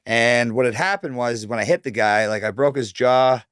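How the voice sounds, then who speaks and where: A man's voice: medium pitch, moderate pace, a bit bright, smooth, no echo, clean studio sound. A man from Canada in his thirties, talking casually as a guest, swearing often and filling his speech with likes and ums. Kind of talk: casual storytelling interview.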